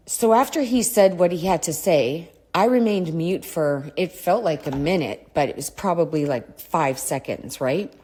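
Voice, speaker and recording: A middle-aged woman with a fairly low voice tells a personal story straight to her listeners. She talks bluntly and candidly, swears freely and wanders off on tangents. She keeps clearing her throat as she goes. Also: a little mellow. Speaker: podcast host.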